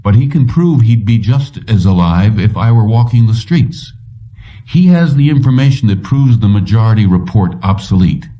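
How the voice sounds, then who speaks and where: A man voicing a weary middle-aged police commissioner who talks in a somber, measured way. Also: fairly low pitch, lively intonation, mellow, far from the mic, dull audio, close to an everyday voice.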